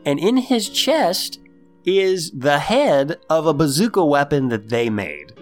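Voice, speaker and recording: Animated man retelling a TV episode. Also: slow, faint music behind. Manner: animated storytelling, acts out characters in high voices. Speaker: podcast host recapping a TV episode. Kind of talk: casual chat.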